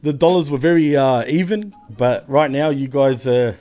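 A man's voice: mid-range voice, moderate pace, warm tone. An Australian man guesting on a podcast, bantering in an easygoing way and laughing often. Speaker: guest co-host. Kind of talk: casual podcast chat.

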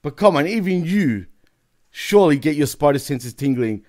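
Man, podcast co-host, jokey teasing manner, lively intonation, slightly high voice. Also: moderate pace. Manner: jokey, laughs often, teasing. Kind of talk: casual wrestling talk.

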